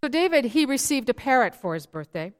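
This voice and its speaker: A woman leading a worship service, telling light jokes as a gentle storyteller. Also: high voice, very animated, a little fast, clear, resonant tone. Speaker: worship leader.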